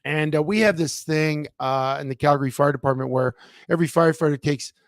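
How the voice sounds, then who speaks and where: A man's voice: fairly high pitch, fairly quick, no room sound, studio quality. A man co-hosting a casual sports talk show, telling stories with lots of fillers and restarts over a remote computer mic. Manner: animated storyteller, many fillers and restarts. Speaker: co-host.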